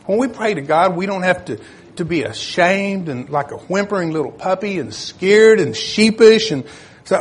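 An older man delivers a sermon in an easygoing, conversational tone, stopping now and then to find his place in the scripture. His voice sits a little high and has a husky grain to it. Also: animated, normal speed. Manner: plain conversational preaching, reads scripture aloud; searches for verses, self-correcting. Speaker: preacher.

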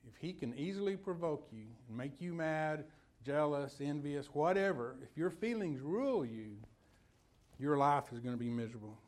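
A man's voice: on the high side, animated, normal speed, darkish tone. A man preaching a sermon in a folksy, conversational way, telling personal stories and putting questions to his listeners.

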